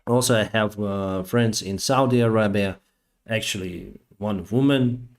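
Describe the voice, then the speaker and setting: Low-voiced man telling a casual story. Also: measured pace. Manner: rambling, with frequent fillers and acted-out quotes. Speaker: live-stream host. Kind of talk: casual live-stream storytelling. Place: home live stream.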